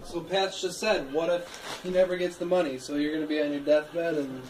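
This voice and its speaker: A man's voice: fairly high pitch, little pitch movement, normal speed, darkish tone, slight background noise. A man in a family argument, sarcastic and needling. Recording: echoey room.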